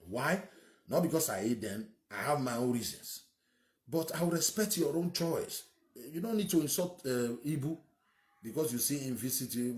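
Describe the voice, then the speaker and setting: A man's voice: on the high side, a little mellow, reverberant. A man with a Nigerian accent giving an opinionated monologue as a political commentator, emphatic and ranting, firing off rhetorical questions.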